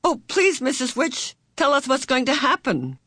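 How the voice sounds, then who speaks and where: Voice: huge pitch swings, normal speed, sharp tone, breathy edge, no echo, studio quality, full character voice. A reader doing a pleading, anxious teen girl. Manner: pleading, urgent, high-pitched. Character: anxious, impatient teenage girl. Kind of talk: audiobook character voice.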